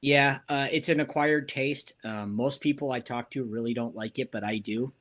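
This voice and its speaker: A man chats casually on a live stream in an unhurried, low-key voice. His phrases trail off quietly as he talks. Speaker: band member guest. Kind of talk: casual chat.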